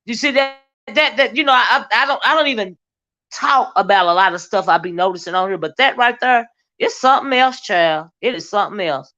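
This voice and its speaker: A woman hosting a livestream, chatting in a sassy, gossipy way and reading viewers' comments aloud. She drawls little asides between points, at an ordinary middle pitch for a woman. The stream audio is dull and lo-fi. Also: sharp tone. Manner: sassy, drawn-out asides of "child", reads chat comments aloud.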